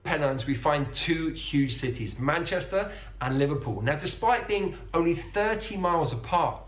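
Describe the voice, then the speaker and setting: Guy teaching accents, sounds out words slow and careful, bit of room echo. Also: a little high, lively intonation. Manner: demonstrates sounds slowly and carefully. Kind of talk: explanatory narration.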